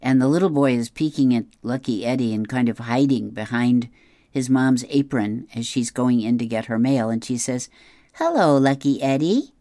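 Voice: medium pitch, steady tone, normal speed, dark tone, no room sound. A reader describing comic strips aloud, with chatty asides and chuckles.

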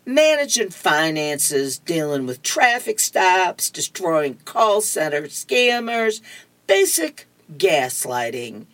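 A woman's voice: lowish voice, very animated, takes it slowly. A woman voicing an earnest lecturing schoolboy. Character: schoolboy lecturing his teacher. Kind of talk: reading comics aloud.

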